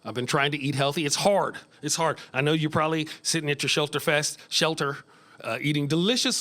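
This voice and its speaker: A man's voice: a little high, a little fast, bright, forceful tone. A man in his fifties from Northern California doing loose, profane live stand-up comedy in a small club, chuckling at his own jokes. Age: 50s.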